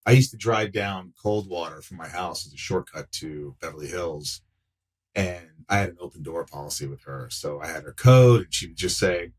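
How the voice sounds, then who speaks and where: A middle-aged man chatting on a podcast with a fairly low voice. He tells stories with energy and jumps into different voices when he quotes people. His language is loose and full of swearing. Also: a little fast, slightly rough, rough recording. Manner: animated, acts out quotes in voices, swears freely. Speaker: podcast guest, actor. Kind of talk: casual conversation, storytelling.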